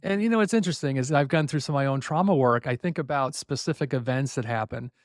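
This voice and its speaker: A man's voice: mid-range voice, quick pace, no room sound, clean studio sound. A middle-aged man, a podcast guest, telling personal stories reflectively with hesitant fillers. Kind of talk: conversational interview.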